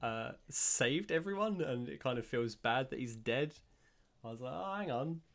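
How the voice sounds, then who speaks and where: A man's voice: medium pitch, animated, moderate pace. Easygoing man who laughs often. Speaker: podcast co-host. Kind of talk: casual film commentary chat.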